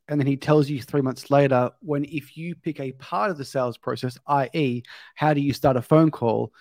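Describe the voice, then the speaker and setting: Podcast host summing up, dry. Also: male voice, fairly high pitch, fairly quick, darkish tone, dry recording. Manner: summarizes the guest's points step by step. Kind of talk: interview recap and questions.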